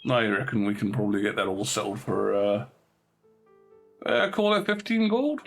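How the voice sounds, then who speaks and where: Man doing a gravelly, folksy old farmer. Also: on the low side, lively intonation, moderate pace, faint music behind. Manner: folksy, hesitant, polite. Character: honest middle-aged male farmer and ex-soldier.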